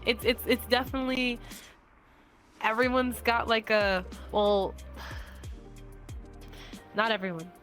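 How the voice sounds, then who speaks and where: A woman's voice: on the high side, takes it slowly, pauses often, fairly bright tone, soft background music. A woman guest on a casual podcast chat, talking in a playful, giggly, candid way with bits of slang. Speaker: streamer guest.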